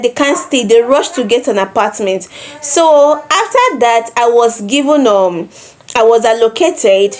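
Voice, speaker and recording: A Nigerian woman in her twenties telling a personal story in a vlog, animated, with repeated phrases and acted-out quotes. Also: a little high. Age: 20s. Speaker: vlogger.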